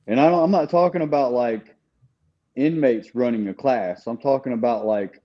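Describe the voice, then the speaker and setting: A man's voice: medium pitch, moderate pace, muffled recording. A man telling a story in casual podcast chat, talking conversationally with frequent restarts. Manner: conversational, with repeated restarts and "you know". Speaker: podcast guest.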